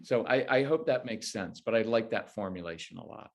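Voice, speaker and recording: A man's voice: lowish voice, fairly quick. A man speaking as a guest expert in an interview, explaining parenting advice in a conversational way and acting out what a parent might say. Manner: animated, acts out parent lines in quoted voices.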